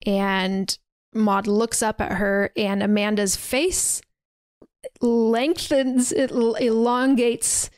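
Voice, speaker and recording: A young woman recapping a horror film on her podcast chats casually, laughing a little and saying "like" a lot. Her voice is a little high, slow, and somewhat mellow, with fairly even intonation and a clear, resonant tone and no echo.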